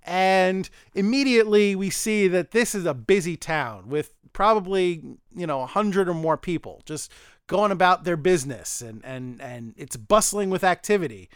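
A man's voice: sits high, lively intonation, normal speed, smooth, no room sound, clean studio sound. A man hosting a podcast, casually reviewing a TV episode, rambling, chuckling and acting out the characters' lines. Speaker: podcast host.

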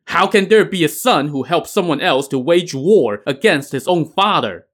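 A man's voice: mid-range voice, expressive, a little slow, fairly bright tone. A man voicing a proud, stern Taoist sorcerer who lectures and scolds.

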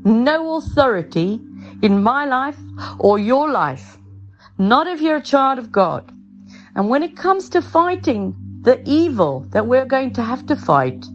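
Earnest woman preaching, dull lo-fi sound. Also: mid-range voice. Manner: conversational, earnest, with everyday examples. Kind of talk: informal sermon. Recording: dull lo-fi sound with faint music.

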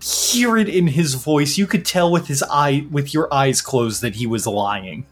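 Husky-voiced man running a tabletop game. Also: fairly high pitch, soft background music. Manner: animated, halting narration with restarts. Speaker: game master.

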